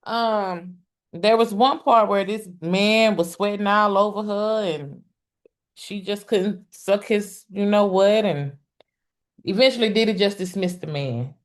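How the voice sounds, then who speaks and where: A medium-pitched woman serves as host of a casual live stream on a court case. She speaks to viewers directly in a chatty, exclamatory style, often pausing with "um" and picking her sentence back up from the start.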